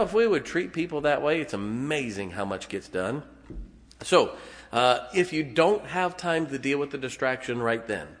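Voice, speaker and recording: A middle-aged male pastor preaching in a folksy, self-deprecating way, chuckling as he goes. His voice sits at an ordinary middle pitch. The sound carries the long reverb of a church sanctuary. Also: fairly bright tone. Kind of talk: sermon.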